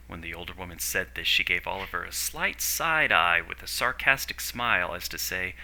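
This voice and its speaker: A man narrating a story in a steady, descriptive way. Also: low-pitched, normal speed, gravelly, few pauses, poor audio.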